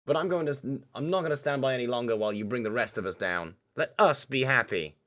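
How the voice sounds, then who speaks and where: A man's voice: low voice, expressive, unhurried. A man playing a hot-tempered young reptile guy. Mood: furious. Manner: raised, furious outburst. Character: hot-tempered young male lizard-like student.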